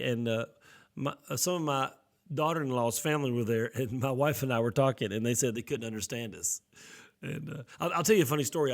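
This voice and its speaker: A middle-aged man, a pastor, preaching a live-streamed sermon in a conversational way, often repeating and restarting phrases as he speaks to viewers online. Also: medium pitch.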